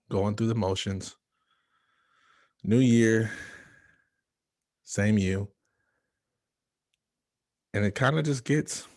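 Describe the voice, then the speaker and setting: Low-voiced man giving a motivational talk. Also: no room sound, clean studio sound. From Michigan, USA. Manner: storytelling with dramatic pauses, hushed asides. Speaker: motivational speaker. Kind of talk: motivational speech.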